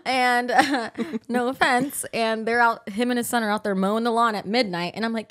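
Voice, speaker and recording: A young woman co-hosting a podcast, telling a story in casual chat and acting out the quotes with big swings in loudness. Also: a little high, fairly even intonation, normal speed, few pauses. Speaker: podcast co-host.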